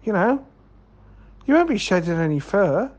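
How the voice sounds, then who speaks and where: A man's voice: high-pitched, sing-song, normal speed, a little mellow, dull audio. A man co-hosting a comedy podcast, rambling through absurd plans, swearing and calling people mate. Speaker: podcast co-host. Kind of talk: comedic banter.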